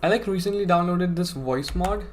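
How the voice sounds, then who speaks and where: A man's voice: high-pitched, moderate pace, slight background noise. Rambling young male streamer. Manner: chatty, rambling, self-deprecating, says "bro" and "like". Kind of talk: casual live stream chat.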